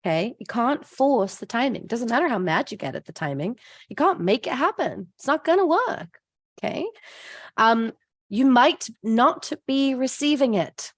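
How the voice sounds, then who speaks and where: A woman's voice: a little high, big pitch swings, moderate pace, dry recording, studio quality. A woman hosting a live stream, chatting with viewers as she answers their comments, laughing often and acting out voices in her stories. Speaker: host of a live stream, abundance coach.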